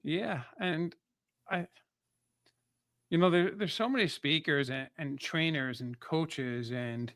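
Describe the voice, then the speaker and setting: Guy on a podcast telling a story from his life, bright punchy voice, dry close sound, gets really into it. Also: a little high, takes it slowly, pauses often, no echo. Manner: energetic, emotional storyteller with frequent restarts. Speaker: podcast guest, motivational speaker. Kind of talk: casual chat, personal storytelling.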